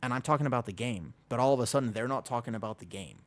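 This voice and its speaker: A man's voice: medium pitch, very fast. A man chatting casually to his live stream audience, rambling with frequent restarts.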